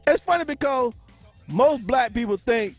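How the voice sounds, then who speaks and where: A man with a high-pitched voice hosts a sports podcast in loose live-stream chat, cracking jokes and laughing often. He calls out viewers by name. Faint music plays in the background. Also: expressive, a little slow. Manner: joking, laughs often, greets chatters by name.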